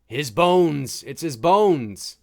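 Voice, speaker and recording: A man talks over a movie in loose, joking commentary, laughing and tossing in mock lines from the scenes. His voice sits high and swings widely up and down as he reacts. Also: lively intonation, very slow, creaky. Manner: chatty, jokey, reacting with laughs and mock quotes. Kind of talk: casual live movie commentary.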